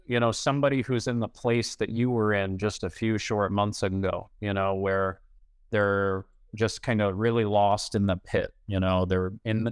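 A man's voice: on the low side, clean tone, dry recording, clean studio sound. A man hosting a podcast, asking long, winding questions of his guest. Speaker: podcast host. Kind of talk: supportive interview questions.

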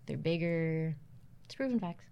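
A woman co-hosting a podcast in casual chat, teasing her partner with quick comebacks. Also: low voice, lively intonation, gravelly, mellow, smooth. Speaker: podcast co-host.

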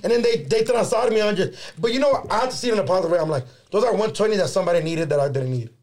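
A man's voice: high voice, racing. A young man telling a story in a casual podcast chat, swearing freely and slipping in Spanish slang. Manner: profane, animated storyteller, slips in Spanish slang.

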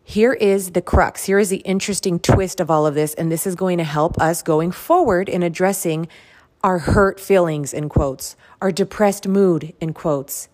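Woman, lower-pitched, solo motivational podcast host; earnest, emphatic delivery that hammers points through repetition. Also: moderate pace, darkish tone. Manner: earnest, emphatic, repeats phrases for stress. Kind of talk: motivational self-help monologue.

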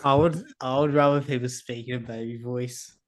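A young man with an Australian accent co-hosts a podcast, blunt and dry in his humor and quick to swear. His voice sits at an ordinary pitch. It is recorded close and dry. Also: fairly even intonation, no room sound. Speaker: podcast co-host. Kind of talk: casual chat.

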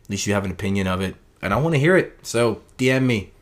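A man with a fairly low voice, talking loosely to his listeners late at night. He rambles and circles back on his words, earnest and unpolished. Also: animated, fast talker. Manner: rambling, earnest, self-correcting. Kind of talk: casual late-night monologue.

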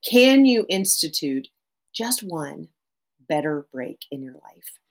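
A middle-aged woman therapist, appearing as a guest in a podcast interview, speaks slowly in a low voice. She's animated, restarts phrases, and checks in with listeners by asking "right?".

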